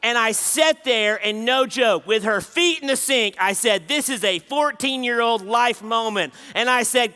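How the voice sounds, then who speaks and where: A man's voice: extremely high pitch, a little slow, few pauses, bright, forceful tone, clean tone, faint music behind. A middle-aged man preaching at a conference, emphatic, driving home key phrases by repeating them. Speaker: conference speaker. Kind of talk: sermon. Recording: long hall reverb.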